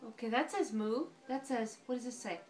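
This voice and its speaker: A woman reading a picture book to a toddler in a home video, speaking slowly and encouragingly, with frequent excited gasps, at home. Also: on the high side, soft background music. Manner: slow, sing-song and encouraging, with frequent gasps.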